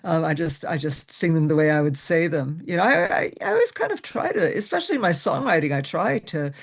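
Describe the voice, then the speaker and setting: A woman's voice: deep voice, sing-song, fairly quick. A woman singer-songwriter chatting in a casual interview, laughing often and poking fun at herself. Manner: laughs often, self-deprecating.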